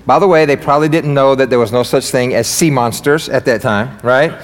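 A man preaching a sermon as pastor in a church, energetic, joking and fired up. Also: medium pitch, a little fast, long reverb tail. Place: church sanctuary.

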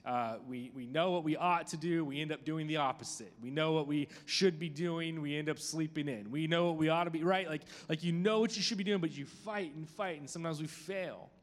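A man's voice: fairly high pitch, a little fast, hardly any pauses. A man in his thirties preaching to a group, telling a personal story in a chatty, self-deprecating way with many fillers. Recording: long hall reverb.

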